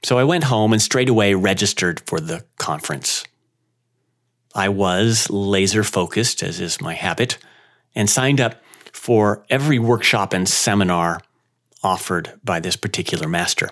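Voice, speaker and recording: A man who owns a yoga studio, telling a personal story in an unhurried, reflective way with dramatic pauses. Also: fairly low pitch, a bit bright.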